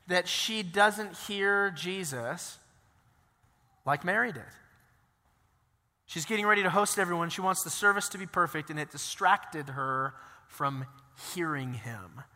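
A male pastor preaching in a high, bright voice, talking through the story like a friendly chat with asides tossed in. His sermon rings out with a long reverb, as in a big church hall. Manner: conversational, animated storytelling with asides.

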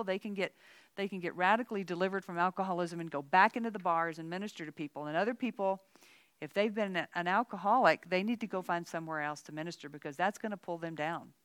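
A woman with a low-pitched voice teaches a women's Bible study in a frank, conversational way. She talks casually, with lots of "you know" asides. The sound is dry and close. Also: dry recording. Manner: chatty, candid, many "you know" asides.

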